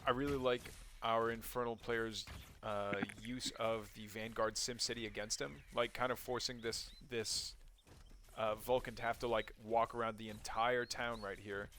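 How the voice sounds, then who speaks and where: A man giving relaxed color commentary on a strategy game match, often hesitating and hedging his opinions. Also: medium pitch, moderate pace, slight background noise. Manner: relaxed, hesitant, many ums and likes. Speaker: co-caster.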